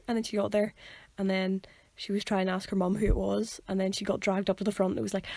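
A woman's voice: medium pitch, flat delivery, very fast, few pauses, darkish tone, no echo. A young woman, co-hosting a casual podcast and telling stories with acted-out quotes. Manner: chatty storyteller, acts out quoted voices. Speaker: podcast co-host. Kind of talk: casual chat.

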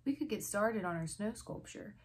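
A woman voicing a calm, thoughtful schoolboy in a storybook read-aloud, in a measured way. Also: medium pitch, close to an everyday voice.

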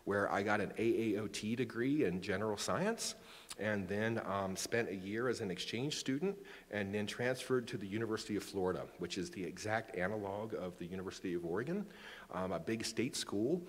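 Casting: man in his forties, low-ish voice, public lecture, reverberant hall. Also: expressive, brisk. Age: 40s. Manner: chatty, self-joking, many restarts. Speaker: astronomy lecturer. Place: lecture room.

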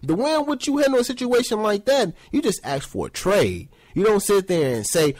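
A man giving a casual sports opinion rant, acting out other people in high mocking voices. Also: very animated, brisk, hardly any pauses, darkish tone, no room sound. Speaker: sports commentary host.

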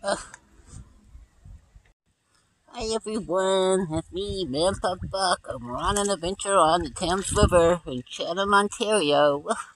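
A man's voice: high voice, moderate pace, few pauses, fairly bright tone, rough recording. A man filming a casual outdoor vlog from a kayak on a river on his phone, sprinkling his talk with playful barks. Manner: punctuates speech with playful "woof" barks. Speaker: vlogger. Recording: faint background noise outdoors.

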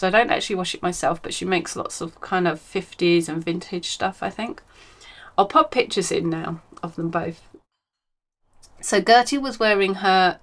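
With a lowish, fairly bright voice, a woman chats casually on her home crafting podcast, wandering off topic and peppering her talk with ums and self-corrections.

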